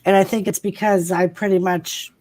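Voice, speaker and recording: A woman's voice: on the low side, fairly even intonation, moderate pace, a little mellow. A woman with a Massachusetts accent, hosting a casual livestream chat, talking freely and swearing often. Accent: Massachusetts, Lowell. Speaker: host.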